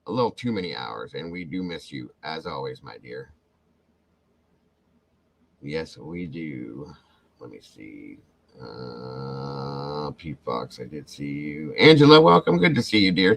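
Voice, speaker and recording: A man's voice: extremely low pitch, sing-song, measured pace, vocal fry, poor audio. A man hosting a casual livestream, greeting viewers by name and thanking them effusively. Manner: warm, effusive, calls out viewer names. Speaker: livestream host.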